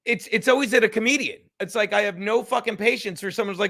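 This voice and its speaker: Loud, profane man hosting a podcast. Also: high-pitched, fast talker, gravelly, few pauses. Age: 50s. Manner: loud, profane, heated storytelling. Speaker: podcast host. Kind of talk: casual chat.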